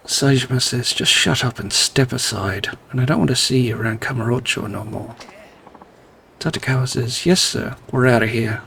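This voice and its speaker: A man's voice: mid-range voice, measured pace, vocal fry, a bit bright, a little hiss or hum. A man playing a video game, reading the characters' lines aloud and adding dry, wry asides. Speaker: gameplay narrator.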